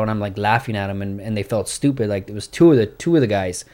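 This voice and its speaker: A man telling a fight story in casual, profane, animated chat. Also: lowish voice, fast, few pauses.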